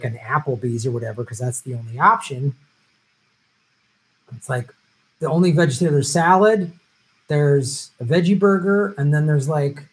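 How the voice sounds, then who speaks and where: A rough recording captures a mid-range male voice belonging to a middle-aged stream host. In casual live-stream chat, he reads viewer questions aloud and tosses off loose, rambling jokes in reply; he's a vegetarian who travels for work.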